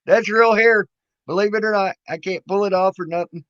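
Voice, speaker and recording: A man's voice: sits high, fairly even intonation, brisk, a bit bright, clear, resonant tone, no room sound. A middle-aged man hosting a livestream, chatting casually, swearing freely and often stammering over his words. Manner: laid-back, swears freely, stammers and repeats. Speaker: livestream host. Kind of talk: casual profane chat. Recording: dull, dry lo-fi audio.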